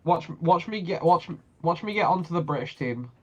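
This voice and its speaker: A man's voice: fairly high pitch, lively intonation, normal speed. A twenty-year-old man co-hosting a podcast in a jokey, swearing banter. His voice swings up and down a lot. It comes through a slightly dull, lo-fi mic. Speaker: podcast co-host. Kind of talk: casual chat.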